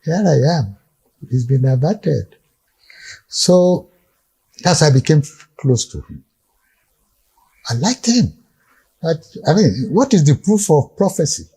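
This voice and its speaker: A man's voice: fairly high pitch, sing-song, slow, pauses often, dark tone, breathy edge. An older man with a Nigerian accent, a guest recounting past events in vivid storytelling and acting out the dialogue. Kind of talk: storytelling reminiscence.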